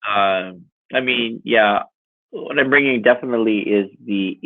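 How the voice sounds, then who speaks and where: A middle-aged man, telling animated, laughing stories in casual chat and quoting people as he goes. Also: on the low side, measured pace, no room sound. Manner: animated, laughing storyteller with lots of voiced quotes. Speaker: musician and jewelry maker guest. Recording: tinny phone-like dry audio.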